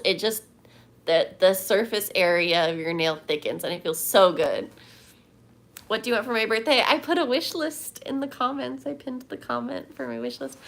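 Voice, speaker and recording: A woman's voice: mid-range voice, a bit bright. Chatty woman rambling on a livestream. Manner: chatty, rambling, reads chat aloud. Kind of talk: casual livestream chat.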